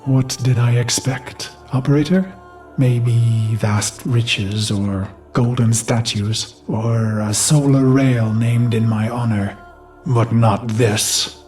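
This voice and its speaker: A man's voice: mid-range voice, fairly even intonation, takes it slowly, darkish tone, soft background music, natural voice. An actor playing a brooding, vengeful human warlord who recalls his past in a grave, haunted inner monologue for a game cutscene. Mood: defiant. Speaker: narrator of a memory.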